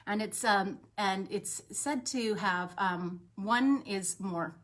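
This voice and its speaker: Woman, holistic health coach, gentle chatty tone, lots of ums, live-stream webcam sound. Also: medium pitch, takes it slowly. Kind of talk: daily live wellness talk.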